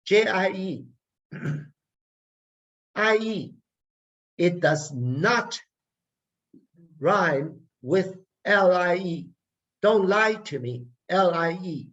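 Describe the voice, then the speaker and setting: A man teaching a language workshop online, deliberately drilling each sound and repeating words for learners. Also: high-pitched. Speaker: language lecturer. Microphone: video call. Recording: muffled video call audio.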